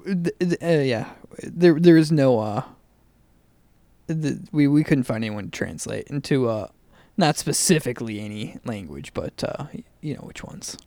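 A man co-hosting a comedy podcast, riffing a rambling, improvised pitch with many pauses. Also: expressive, warm tone, dry recording. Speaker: podcast co-host.

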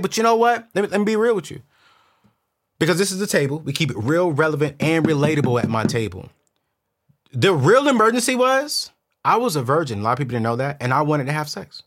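A man hosting a money show, telling a casual story to camera in a slangy, animated way and repeating words when excited. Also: fairly high pitch, fast. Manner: slangy, keeps it real with viewers. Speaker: host.

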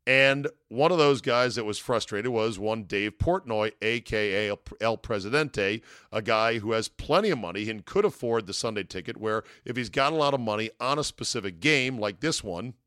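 A man's voice: lowish voice, expressive, normal speed, few pauses, a bit bright, no room sound, clean studio sound. A man hosting a sports talk podcast, delivering a casual, digressive monologue with wry asides. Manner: wry, digressive, chuckles at his own asides.

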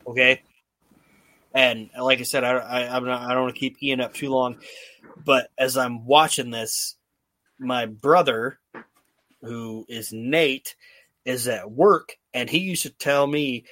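A man's voice: medium pitch, fairly even intonation, a little slow, pushed and bright, no echo. A male podcast host recapping old wrestling shows in casual, profanity-laced storytelling.

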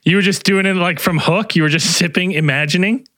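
A man trading jokes in casual podcast banter, his voice a little higher than most. He teases the others and swears in passing. The sound is close and dry. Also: a little fast, sharp tone, no echo. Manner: teasing, joking banter, swears. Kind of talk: casual chat.

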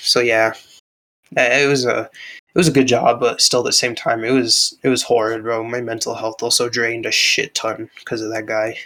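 A man's voice: medium pitch, flat delivery, moderate pace, sharp tone, poor audio. A young man telling a story in casual chat, rambling with lots of filler words, calling the listener bro, on a laggy online call. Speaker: podcast co-host.

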